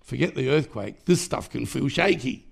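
Gravelly man preaching a sermon. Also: mid-range voice, expressive, normal speed. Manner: emphatic preaching with rhythmic repetition and bursts of volume. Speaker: pastor. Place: church.

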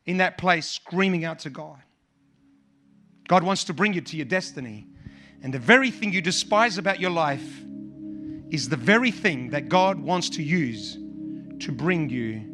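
A man's voice: a little high, fairly bright tone. A male pastor preaching a sermon with impassioned, repetitive emphasis.

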